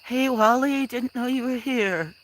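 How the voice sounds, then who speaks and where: A woman hosting a casual livestream from her farm, soft-spoken and touched, chatting with viewers. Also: on the high side, a little slow, slight background noise, low-quality recording. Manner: soft-spoken and emotional, thanking viewers warmly. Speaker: livestream host. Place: outdoors on a small farm.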